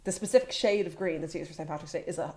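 A woman's voice: low voice, very fast, darkish tone. A woman in casual comedic chat, giving blunt opinions and giggling.

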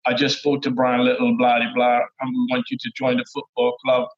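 A middle-aged man with a Trinidadian accent, telling stories as a guest in a relaxed, laid-back way, often laughing. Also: medium pitch, brisk. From Trinidad and Tobago. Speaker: guest, former footballer. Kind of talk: casual interview storytelling. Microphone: remote call audio. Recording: dull lo-fi call audio.

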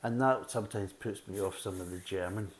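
A man's voice: fairly low pitch, a little fast, rough recording. A man reviewing beer in a casual, blunt, rambling way, repeating himself often. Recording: faint background hiss.

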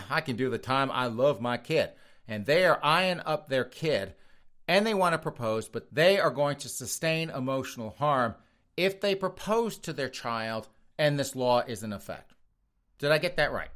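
A man's voice: mid-range voice, fairly bright tone. Sarcastic, chuckling male podcast host. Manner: sarcastic, mocking, chuckling often; reads news passages, then riffs on them. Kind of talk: solo commentary podcast.

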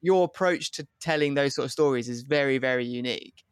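A quick-talking man hosts an interview and asks loose conversational questions. His voice sits in a dry, close room. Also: mid-range voice, clear, resonant tone, dry recording. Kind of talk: podcast interview.

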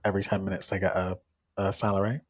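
A young man co-hosting a podcast in casual chat, teasing and exclaiming with sudden pitch jumps. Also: flat delivery, quick pace. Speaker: podcast co-host.

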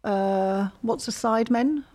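A woman's voice: a little high, takes it slowly, mellow. A middle-aged woman co-hosting a podcast with her son, chatting casually with short, dry, teasing interjections. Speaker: co-host, host's mother. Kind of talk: casual chat. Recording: long echoey reverb.

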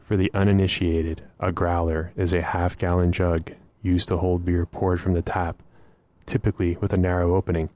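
A man co-hosting a casual podcast, teasing his co-host in a deadpan way and reading out listener letters. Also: sits low, normal speed, no echo.

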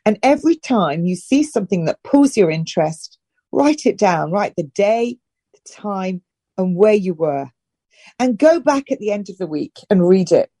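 A woman's voice: mid-range voice, sing-song, mellow, dry recording, clean studio sound. A middle-aged woman from northern England, a health and wellness guest, giving direct, emphatic advice in a casual interview. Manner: direct and emphatic, with brisk instructions.

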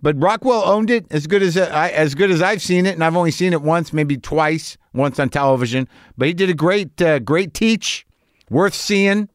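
A man's voice: fairly high pitch, normal speed, no echo, clean studio sound. A middle-aged man hosting a podcast, talking in a rambling, self-deprecating way with frequent restarts and swearing. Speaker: podcast host. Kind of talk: casual monologue.

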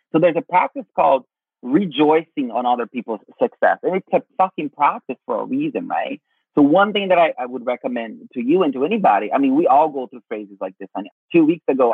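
A man giving casual spiritual advice in an expressive way, swearing freely and calling people honey. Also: medium pitch, husky, no room sound. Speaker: spiritual teacher guest. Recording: tinny phone-like line, dry.

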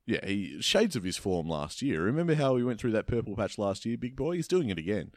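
Easygoing man, low voice. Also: sing-song, darkish tone, no echo, studio quality. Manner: easygoing, chatty, quick to laugh along. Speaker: podcast co-host. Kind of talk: casual sports chat.

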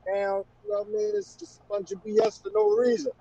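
A middle-aged man, talking in a relaxed casual chat and repeating "you know what I mean". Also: high voice, a little fast, creaky. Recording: dry, dull lo-fi sound.

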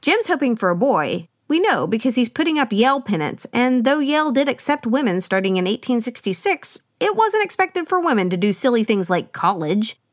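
A woman hosts a podcast and recaps a film in a chatty, wry way, full of playful asides. Her pitch jumps around a lot. The sound is dry and close, with no room echo. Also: sing-song, brisk, few pauses. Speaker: podcast host. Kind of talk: solo movie recap commentary.

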